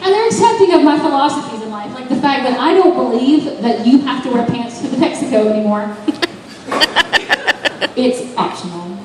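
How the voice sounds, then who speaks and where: High-voiced woman doing stand-up in an echoey room. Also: expressive, normal speed. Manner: self-deprecating storytelling, chatty with the crowd. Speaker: stand-up comedian. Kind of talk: stand-up comedy set. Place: bar open mic stage. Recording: echoey room, distant mic, background noise.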